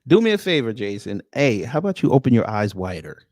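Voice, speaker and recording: A man's voice: mid-range voice, sing-song, quick pace, darkish tone, no echo, clean studio sound. A man hosting a live reaction stream, talking casually and mockingly, often breaking into laughter.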